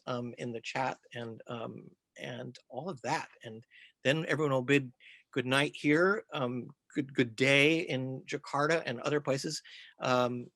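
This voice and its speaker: A man's voice: medium pitch, fairly bright tone, dry recording. A man hosting a library author event, introducing guests over a video call in a hesitant way with many ums.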